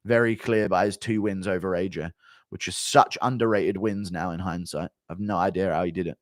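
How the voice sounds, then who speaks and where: A man's voice: sits low, fairly even intonation, brisk, dry recording, studio quality. A man hosting a live stream, reading viewer donations and giving blunt, rambling fight commentary full of swearing.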